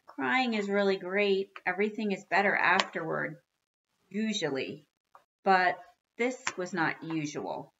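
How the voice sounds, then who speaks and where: A woman reading a children's book aloud with expressive storytelling. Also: mid-range voice, a little slow, dull audio, background noise. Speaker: reader.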